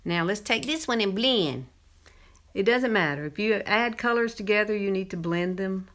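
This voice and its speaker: A Southern American woman in her fifties presents a makeup tutorial, chatting casually and laughing often as she works. Her voice is medium-pitched, fairly bright, and at a normal speed.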